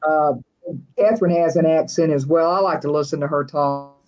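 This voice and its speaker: A woman's voice: low-pitched, normal speed, a little mellow, lo-fi sound. Chatty West Texas woman hosting a stream. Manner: chatty and folksy, laughs often. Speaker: livestream host. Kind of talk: casual livestream chat.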